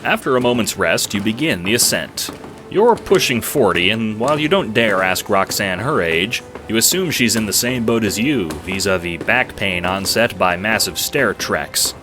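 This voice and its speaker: A man narrating a fan audio drama in second person, with a wry, deadpan manner. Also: lowish voice, normal speed, music in the background.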